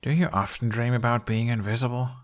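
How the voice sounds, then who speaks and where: A man's voice: mid-range voice, steady tone, fairly quick, pitched above the performer's own voice, close to an everyday voice. A man reading the lines of a playful, earnest young man with a bashful, teasing tone. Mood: gentle.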